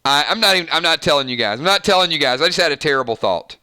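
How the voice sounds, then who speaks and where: A male channel host chatting on a live stream, reading viewer comments, excitable and laughing often, talking straight to his viewers. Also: a little high, rapid-fire, smooth, no room sound, clean studio sound.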